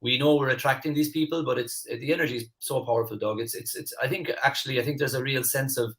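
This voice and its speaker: A man hosting a live online masterclass as a mentor, earnest and animated, often repeating words as he starts a phrase. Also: mid-range voice, fast. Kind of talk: live online coaching class.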